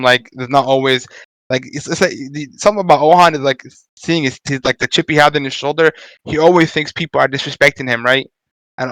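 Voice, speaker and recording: A man's voice: medium pitch, fairly bright tone, smooth, no room sound, low-quality recording. A man in a casual fan discussion, rambling and restarting with many fillers. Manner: rambling, halting, lots of likes and restarts.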